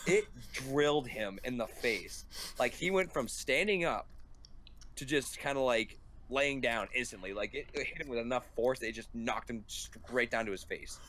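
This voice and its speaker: A young man telling a rambling story in casual chat, full of fillers and animated quotes. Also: medium pitch, moderate pace. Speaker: podcast host. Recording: faint background noise.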